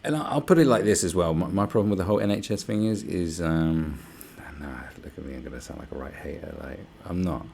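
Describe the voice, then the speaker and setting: A man's voice: low voice, fast, creaky, hardly any pauses, darkish tone, slight background noise. A man hosting a live stream, ranting casually with lots of swearing and sarcastic asides. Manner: profane, sarcastic, mocks others in put-on voices.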